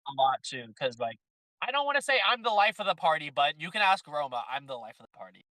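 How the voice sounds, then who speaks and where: A man in his twenties co-hosting a live stream, talking in an animated, playfully defensive way. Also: fairly high pitch, fast talker, no room sound, low-quality recording. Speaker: co-host. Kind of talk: casual live-stream banter.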